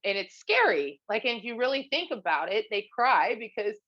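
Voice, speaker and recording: A woman's voice: fairly high pitch, very animated, normal speed, dry recording. Candid woman telling her story, dry and dull. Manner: candid, many fillers and restarts, quotes others in their voice. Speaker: podcast guest. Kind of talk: casual storytelling interview.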